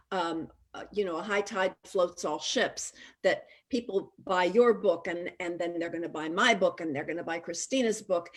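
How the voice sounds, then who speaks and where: A woman hosting a casual chat over a video call, a lively, chatty storyteller. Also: mid-range voice. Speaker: host.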